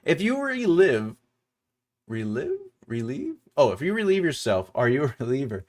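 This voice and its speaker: A man hosting a casual writing show, rambling with animated asides and quoted back-and-forth. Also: on the high side, brisk. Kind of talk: casual livestream chat.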